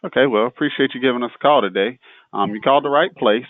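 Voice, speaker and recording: A man's voice: mid-range voice, fast talker, no room sound. A man playing a tire shop service rep in a practice call, polite and scripted. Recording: dry, tinny phone-like line.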